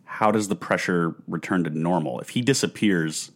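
Low-voiced man in casual chat. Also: moderate pace.

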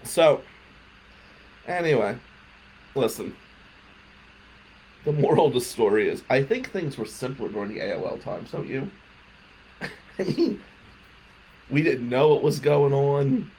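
A man's voice: mid-range voice, lively intonation, unhurried, long pauses, darkish tone, a little hiss or hum. A man, hosting a radio talk show and telling self-mocking stories in a casual comedic monologue. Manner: self-mocking storytelling, laughing at his own jokes. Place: radio studio.

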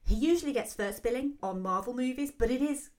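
A woman hosting a solo film commentary show, talking quickly and excitedly with frequent fillers. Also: on the high side. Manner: fast, excitable talker with many fillers. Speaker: film podcast host.

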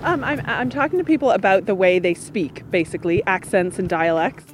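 A woman's voice: mid-range voice, fairly quick, music in the background. A woman from Newfoundland and Labrador hosting a podcast, narrating and asking passers-by friendly questions. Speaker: podcast host. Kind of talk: documentary podcast narration and street interviews.

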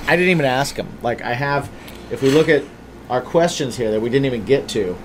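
A man co-hosts a casual podcast, chatting loosely, stringing thoughts together with plenty of likes and ums. His voice sits at an ordinary middle pitch, and a faint hum runs behind it. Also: fairly quick. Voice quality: loose, chatty, lots of fillers. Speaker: podcast co-host.

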